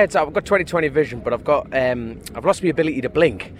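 A man's voice: fairly high pitch, lively intonation, quick pace, a little hiss or hum. A man who races motorcycles talks after practice in a cheeky, joking way, laughing as he tells stories. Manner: cheeky, jokey, laughing storyteller. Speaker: motorcycle racer. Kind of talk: post-practice interview. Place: outdoors at a race paddock.

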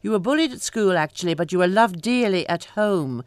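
A woman hosting an interview, admiring and gently teasing her guest. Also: mid-range voice, expressive, a little fast, no room sound. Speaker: radio host.

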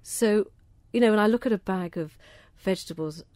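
A woman's voice: medium pitch, normal speed, a little mellow, no echo. A middle-aged woman with a southern English accent, answering interview questions about a cause she cares about in an enthusiastic, chatty way, often repeating words as she starts a thought. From southern England. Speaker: interviewee, organic food campaigner.

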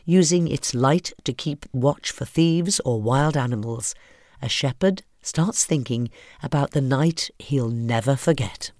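A man's voice: mid-range voice, dry recording. Man narrating, dry close sound. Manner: calm, measured storytelling. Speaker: presenter. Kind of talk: scripted narration.

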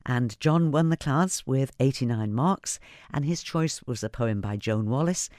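A man presenting festival highlights in a relaxed, chatty way, pausing on fillers between items. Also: no echo, clean studio sound. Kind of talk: casual presenting.

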